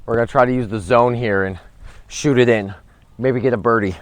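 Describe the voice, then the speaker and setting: A man vlogging a round on an outdoor disc golf course, chatting and rambling on a handheld camera, with excited outbursts at his throws. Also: mid-range voice, fairly quick. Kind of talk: casual commentary while playing. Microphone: handheld camera without a gimbal.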